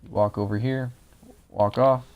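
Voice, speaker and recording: A man's voice: lowish voice, fairly even intonation, a little slow, narrow, tinny audio. A young man casually talking viewers through a game walkthrough, explaining each step as he plays, his voice a little dry. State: voice drying out. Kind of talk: casual gameplay commentary.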